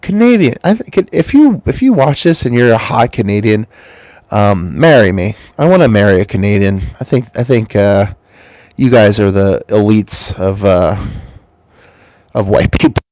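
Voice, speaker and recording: A man with a stuffy, congested voice rambles through a crude, profane comic monologue. His voice sits low but leaps up wildly, and he mumbles and then gets loud. The recording is dry and close, with no room sound. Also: expressive, normal speed, dry recording. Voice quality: stuffy-nosed. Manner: loose, swearing, swings between mumbles and loud jumps. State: has a cold, congested. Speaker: channel host.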